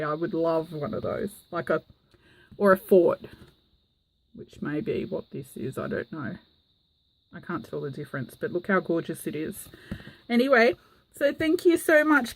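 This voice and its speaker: A woman chats her way through a casual craft vlog, enthusing over everything she shows. She speaks at an ordinary, mid-range pitch, and her talk is full of little "um" fillers. The sound is dry, with no room echo at all. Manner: gushing and enthusiastic, with frequent "um" fillers. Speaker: craft vlogger. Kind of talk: casual show-and-tell vlog.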